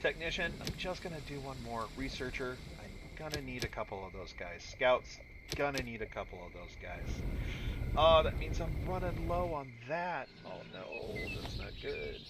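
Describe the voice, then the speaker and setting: A man doing casual let's-play commentary, talking to himself with sudden shouts and mutters. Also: medium pitch, big pitch swings, moderate pace, noisy background. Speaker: gaming YouTuber.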